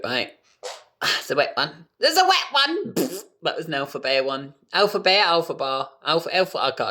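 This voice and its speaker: A camp British man chats into his phone camera from home in a loose, unscripted vlog. He is animated and talkative, and drops swear words freely. His pitch sits in the middle of the male range. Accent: British English. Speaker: vlogger. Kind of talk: casual vlog chat to camera.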